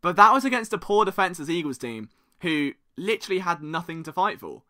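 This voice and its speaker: A man's voice: high voice, brisk. A young man hosting a sports podcast, talking solo in a joking, self-deprecating way. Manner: animated, joking, self-deprecating, does mocking voices.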